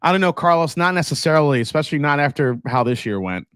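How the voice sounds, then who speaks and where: A man's voice: fairly high pitch, expressive, fast talker, fairly bright tone, clear, resonant tone, dry recording, clean studio sound. A man hosting a casual live stream, chatting loosely and laughing as he reads viewer comments aloud. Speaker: whiskey livestream host.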